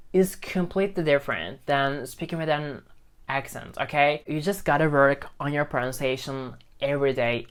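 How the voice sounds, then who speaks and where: A man's voice: on the high side, fairly bright tone, clean tone. A man who teaches English gives an informal lesson straight to the camera on a phone. He speaks emphatically, repeats himself, and keeps checking in with "okay?". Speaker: English teacher and video host. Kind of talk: talking-head lesson to camera.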